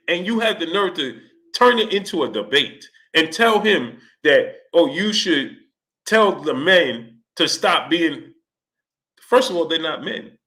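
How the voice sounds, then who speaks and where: A man's voice: a little high, expressive, unhurried, pushed and bright. A man hosting a casual sports livestream, greeting viewers in the chat by name and ranting in a loose conversational way. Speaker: livestream host.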